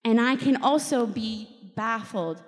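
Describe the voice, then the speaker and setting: A woman's voice: a little high, a little slow. Emotional woman giving a faith talk. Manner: candid and emotional, laughs often, quotes people in lively voices. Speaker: speaker at a faith event. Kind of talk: personal faith talk to a live group. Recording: long hall reverb.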